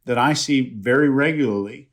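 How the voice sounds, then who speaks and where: A man on a panel who explains behavior cues in a measured way, leaning on research. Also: medium pitch. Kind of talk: panel discussion.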